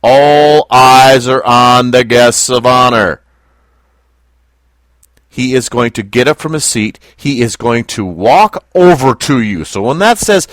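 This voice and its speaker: A man teaching a Bible lesson to a small group, speaking slowly and deliberately and putting questions to his listeners. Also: medium pitch, a bit bright, no echo, clean studio sound. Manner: slow, deliberate, asks the class questions.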